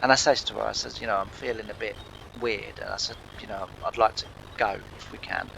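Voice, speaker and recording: Bright-voiced man telling a story. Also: on the low side, fairly even intonation, creaky, slight background noise, rough recording. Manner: rambling, halting, with many restarts. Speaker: farming game channel host. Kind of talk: personal storytelling.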